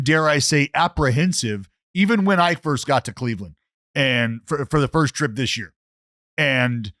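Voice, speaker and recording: A podcast host with a mid-range male voice and a dry, close recording. He strings long questions together with many clauses and asides. The talk is relaxed and conversational. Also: mid-range voice, no room sound. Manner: long, winding, wordy questions. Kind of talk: interview questions in casual chat.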